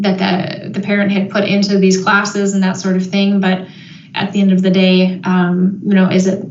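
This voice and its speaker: A woman giving a parenting webinar, thoughtful and reflective, pausing with frequent ums and restarts. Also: mid-range voice, slight background noise. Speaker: parenting educator. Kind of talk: webinar presentation. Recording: roomy, slightly dull audio.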